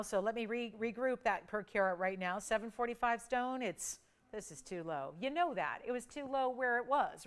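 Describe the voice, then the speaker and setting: Fast-talking woman calling jewelry auction bids. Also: high-pitched, clean tone. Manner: energetic, rapid bid calling; playful, chatty. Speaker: shopping channel host. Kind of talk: live TV auction selling. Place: TV studio.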